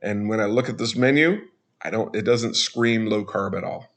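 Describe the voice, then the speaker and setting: Man, low voice, gravelly, casual voice-over, chatty, joking. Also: moderate pace. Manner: chatty, joking asides, frequent fillers. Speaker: travel vlogger.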